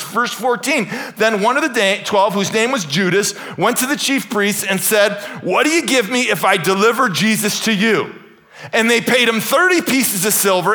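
Animated man preaching a sermon. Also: fairly high pitch. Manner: animated, jokey, swings between loud emphatic bursts and soft asides. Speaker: pastor. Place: church hall with congregation.

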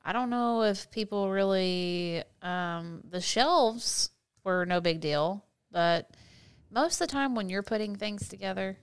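A woman's voice: medium pitch, unhurried, clear, resonant tone. A woman co-hosting a podcast in casual chat, teasing and laughing often while telling stories. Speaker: podcast co-host.

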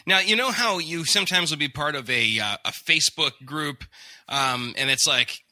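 A man's voice: a little high, moderate pace, bright, forceful tone. A man hosting a podcast interview, chatty and joking, asking long rambling questions. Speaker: podcast host.

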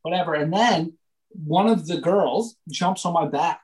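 This young Canadian comedian sounds a little high-pitched for a man and tells his story in a loose podcast chat. He swears a lot, piles on filler words and stays animated the whole way through. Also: unhurried, poor audio.

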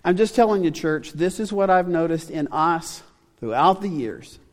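Middle-aged male pastor, conversational sermon, rhetorical questions, slightly high voice, long church reverb. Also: animated, normal speed. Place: church sanctuary.

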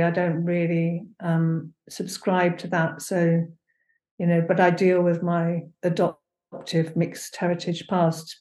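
A woman's voice: fairly low pitch, warm tone. A woman performance maker being interviewed, talking in a hesitant, searching way with many fillers. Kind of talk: casual conversation. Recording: echoey room.

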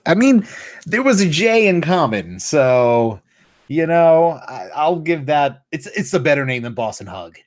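A man's voice: a little high, sing-song, unhurried, dry recording, studio quality. A man co-hosting a casual wrestling podcast, talking bluntly and swearing freely between laughs. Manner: blunt, profane, laughing banter. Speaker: podcast co-host.

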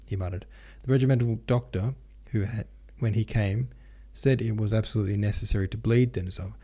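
A man narrates a classic novel as an audiobook, reading steadily and plainly. His voice sits low with a dark, mellow timbre. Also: brisk, hardly any pauses, breathy edge.

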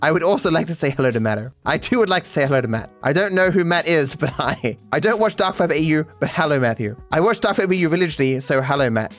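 A man's voice: on the high side, fast, hardly any pauses, faint music behind. A man hosting a solo podcast, rambling casually with lots of swearing and restarts. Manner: animated, swearing, frequent restarts. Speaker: podcast host.

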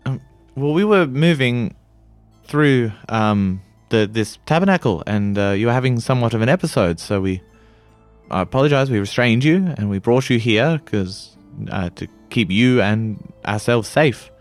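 A man playing a tabletop game, speaking gently and reassuringly, with faint music behind. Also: mid-range voice, animated, moderate pace. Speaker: player.

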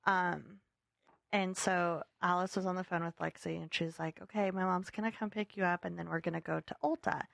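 A woman's voice: on the low side, steady tone, normal speed, creaky, a bit bright, dry recording. Chatty woman, dry close sound. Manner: chatty, jokey, laughs often. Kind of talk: casual chat and anecdote.

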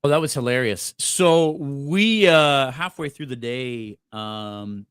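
A man's voice: medium pitch, slow pace, fairly bright tone, clear, resonant tone, no echo, clean studio sound. A man co-hosting a podcast, telling a story in casual chat with lots of fillers, restarts and laughter. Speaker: podcast co-host.

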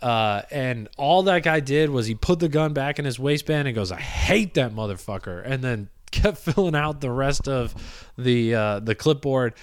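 A young man in his twenties recounts a story on his podcast in a loose, rambling way, full of fillers and asides. His voice is smooth and clear at a middle pitch, recorded close with a dry, dead sound. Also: moderate pace, no echo. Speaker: podcast host and comedian. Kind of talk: casual storytelling monologue.

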